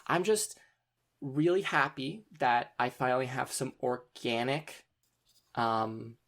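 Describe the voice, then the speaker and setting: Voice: medium pitch, slow, fairly bright tone. A game master voicing a polite, flustered woman librarian who talks hesitantly with many ums. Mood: polite, fussy.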